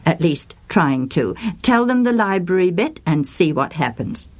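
A woman's voice: fairly low pitch, big pitch swings, unhurried. A woman reading aloud, voicing an indignant elderly male bishop who exclaims and questions in disbelief.

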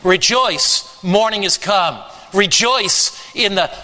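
A high, very bright male voice delivers a sermon at a slow, deliberate pace. He preaches with emphatic, dramatic swings of pitch. The sound carries a long reverb, as in a large church sanctuary.

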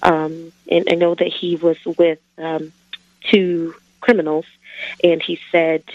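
A woman's voice: deep voice, flat delivery, takes it slowly, dry recording. Female radio caller, hesitant, dull muffled phone sound, dry. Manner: hesitant, many fillers. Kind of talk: call-in question over the phone.

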